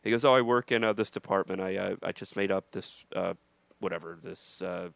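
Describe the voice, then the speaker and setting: A man with a low, gravelly voice tells comedy-road stories in a relaxed podcast chat. He slips into the voices of the people in his stories with plenty of energy. The sound is dry and close. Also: a little fast, no room sound. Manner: animated storyteller acting out voices. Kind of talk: casual storytelling chat.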